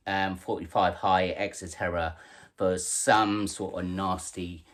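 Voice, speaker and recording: A man, hosting a casual vlog and chatting in a relaxed way about his tarantulas, with plenty of ums. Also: lowish voice. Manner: chatty, laid-back, says um and uh a lot. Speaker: tarantula keeper and channel host. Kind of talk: casual show-and-tell vlog.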